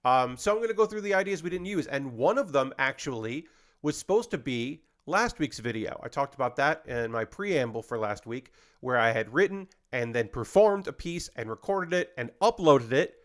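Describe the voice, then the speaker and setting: A man's voice: medium pitch, expressive, normal speed. A male comedian and host in casual chat, rambling and self-deprecating as he talks through his ideas.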